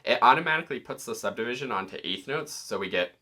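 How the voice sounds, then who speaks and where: A man teaching music in a relaxed, explanatory tutorial, walking through settings step by step. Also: mid-range voice, fast, very noisy. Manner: relaxed, explanatory, occasionally counting beats aloud.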